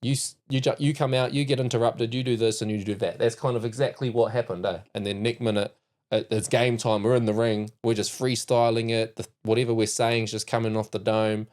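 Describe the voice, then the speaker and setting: Male NZ podcast host, middle pitch, animated storyteller, casual. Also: brisk. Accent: New Zealand. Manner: animated storyteller, laughs and acts out quotes. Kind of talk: casual chat.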